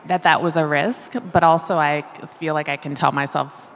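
A woman's voice: low-pitched, fairly even intonation, normal speed, fairly bright tone, slight background noise. A middle-aged woman, an author, speaking thoughtfully in a conversational interview and laughing often. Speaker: author guest. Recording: long reverb of a hall.

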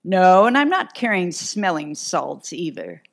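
A woman's voice: on the low side, very animated, unhurried, creaky, voice pushed up, full character voice. A woman voicing an impatient male police lieutenant who asks curt, demanding questions. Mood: gruff.

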